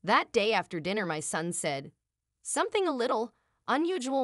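A woman's voice: on the high side, big pitch swings, moderate pace, fairly bright tone, dry recording, clean studio sound. A woman giving a dramatic, emotional first-person story narration.

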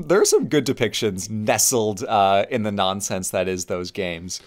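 A man's voice: fairly low pitch, lively intonation, moderate pace. A man co-hosting a podcast, chatting casually and giving opinions, often repeating words as he restarts. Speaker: podcast co-host. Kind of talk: casual chat.

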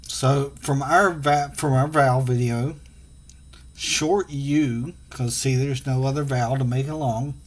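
A man teaching a phonics and punctuation lesson to children, sounding out letters slowly and patiently. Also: medium pitch, fairly even intonation.

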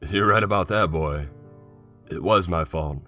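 A man voicing a frail, stubborn old grandfather with a low, hoarse voice. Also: measured pace, bright, forceful tone, faint music behind. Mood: rueful.

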